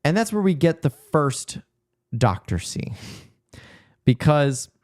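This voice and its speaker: A man's voice: on the high side, very animated, takes it slowly, darkish tone, no echo, studio quality. A man co-hosting a casual movie podcast, retelling scenes by acting out the characters' lines. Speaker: podcast co-host. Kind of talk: casual movie-recap chat.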